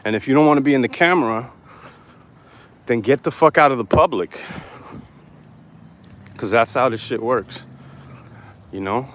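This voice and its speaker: A man's voice: mid-range voice, moderate pace, pauses often, a bit bright. Brash, profane man vlogging on city streets. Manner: brash, profane, defiant, talking to camera while walking. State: hot and sweaty. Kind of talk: live-streamed walking vlog. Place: city sidewalks outdoors. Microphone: handheld phone. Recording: faint outdoor street noise. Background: street traffic ambience.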